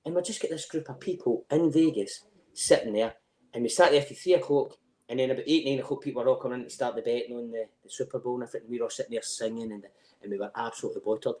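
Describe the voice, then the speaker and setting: A middle-aged Scottish man tells rowdy stories at a rapid clip as a podcast guest. His voice sits at an ordinary male pitch. He is animated, swears freely and laughs as he goes. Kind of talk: casual anecdote telling.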